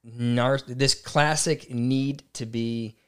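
A man co-hosting a relationship podcast, talking in a blunt, opinionated, animated way. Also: medium pitch, drawn-out words, clear, resonant tone. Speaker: podcast co-host. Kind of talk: casual chat.

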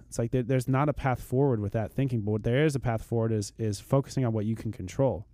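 In a dry, studio-quality recording, a man with a mid-range, dark-toned voice chats on a podcast as a fitness expert. His manner is sincere and motivating, and he habitually repeats words as he gets a thought going.

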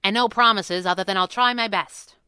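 A woman's voice: mid-range voice, brisk, pushed and bright, clean tone, no echo, lightly acted. A woman reading a storybook, voicing a teasing, mercenary young woman detective with a dry manner.

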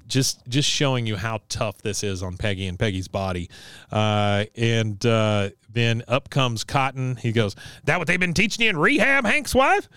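A man's voice: lowish voice, clear, resonant tone, no room sound, clean studio sound. A man co-hosting a podcast, casually recapping a cartoon episode and acting out the characters' lines. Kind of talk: casual chat.

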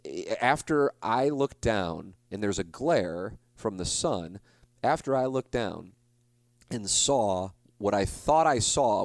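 Rambling, low-voiced broadcaster in his forties. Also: no echo. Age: 40s. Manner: rambling, confessional, self-deprecating, many restarts. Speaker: sports broadcaster. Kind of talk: solo podcast storytelling.

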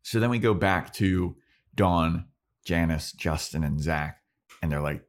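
Deep-voiced man retelling an episode. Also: measured pace. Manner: animated retelling with acted-out quotes and frequent laughter. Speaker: podcast co-host. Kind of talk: casual chat recapping a TV episode.

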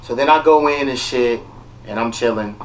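A man hosting a podcast, telling a story in casual chat with animated, profane energy. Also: mid-range voice, normal speed, distant mic. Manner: profane, animated, heated retelling. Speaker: podcast host.

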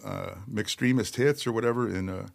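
A middle-aged man, a metal singer telling stories as a podcast guest, animated, laughing and swearing freely. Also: lowish voice, moderate pace, vocal fry. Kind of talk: casual storytelling chat. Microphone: podcast studio mic.

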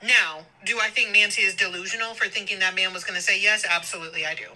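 A woman's voice: medium pitch, fairly even intonation, fast, sharp tone, low-quality recording. A woman recording a heated, profane voice note on her phone while stopped on a road trip. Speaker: podcast guest sending voice notes. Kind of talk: ranting voice note. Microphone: phone voice memo.

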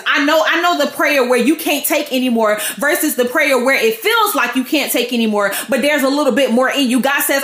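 A woman's voice: high-pitched, expressive, a little fast, a bit bright. A woman hosting a podcast, giving a casual, slangy devotional teaching in a storytelling way. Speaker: podcast host. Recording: roomy echo.

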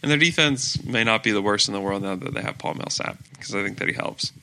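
Bright, rambling man talking basketball. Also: on the low side, fast talker, slight background noise. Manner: rambling, laughs often, restarts. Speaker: podcast host. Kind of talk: casual sports chat.

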